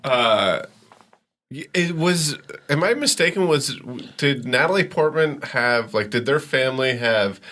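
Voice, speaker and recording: A podcast guest with a bright, edgy male voice and a middling pitch. He makes crude jokes and throws in quick asides. The talk stays loose and casual. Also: lively intonation. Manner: joking and crude.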